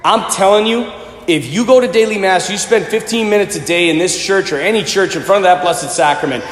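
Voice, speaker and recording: A man in his thirties preaching a sermon, animated, swinging from shouting to hushed. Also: sits high, a little fast. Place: large church. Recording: echoey church, long reverb, faint ambience.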